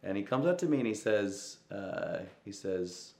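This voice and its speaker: Deep-voiced man telling a personal story. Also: very animated, unhurried, creaky, roomy sound. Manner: reflective, quotes voices with soft asides and laughs. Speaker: musician interviewed.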